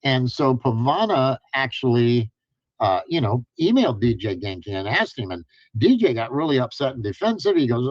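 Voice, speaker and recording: A man's voice: medium pitch, sing-song, dry recording. Middle-aged man, dull lo-fi sound. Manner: measured, storytelling, many fillers. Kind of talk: casual chat.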